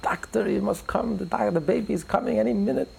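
A man voicing a young woman in labor, yelling for the doctor and growing more desperate. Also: mid-range voice, quick pace, gravelly, a little hiss or hum, pitched above the performer's own voice.

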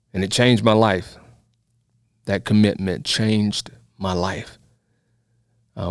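A man's voice: low voice, creaky, dry recording, studio quality. A man, a minister, telling his own story in a sermon and encouraging his listeners. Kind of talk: testimony sermon.

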